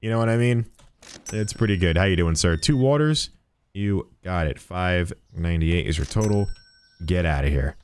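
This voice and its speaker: Lively young man streaming a game. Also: sits low, moderate pace, smooth. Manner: animated, playful shopkeeper banter with customers. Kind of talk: let's-play commentary.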